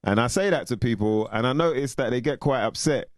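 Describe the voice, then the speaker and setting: A man's voice: mid-range voice, a little fast, no echo, studio quality. A man hosting a podcast in an easygoing way, reacting with short exclamations. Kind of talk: conversational podcast chat.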